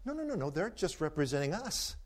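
In a brisk, sing-song voice pitched fairly high, a man gives a folksy storytelling lecture and takes questions from the audience. He spins stories in a down-home manner and presses his points with preacherly, rhetorical force.

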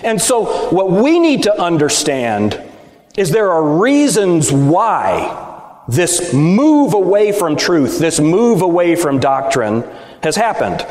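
Preaching to fellow preachers, a middle-aged Baptist man speaks emphatically and rhetorically, often asking whether they agree. His high-pitched, sing-song voice is a little mellow and slow, recorded in an echoey hall where he sometimes drifts off mic.

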